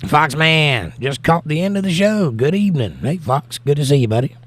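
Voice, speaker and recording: A man's voice: on the high side, expressive, moderate pace, a bit bright. An American man hosting a casual livestream, greeting viewers and reading their comments aloud in a lifted, sing-song voice. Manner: reads chat aloud in a raised, sing-song voice. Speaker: livestream host.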